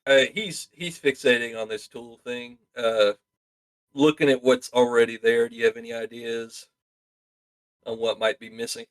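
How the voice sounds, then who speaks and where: A man's voice: medium pitch, steady tone, normal speed, poor audio. Wry teasing guy at d&d, mid voice, easygoing. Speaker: player. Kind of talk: casual tabletop play.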